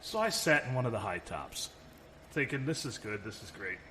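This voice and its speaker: A man's voice: lowish voice, sing-song, moderate pace, bright, forceful tone. A man co-hosting a podcast in casual chat, telling rambling stories and swearing freely. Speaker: podcast co-host. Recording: long reverb, faint room noise.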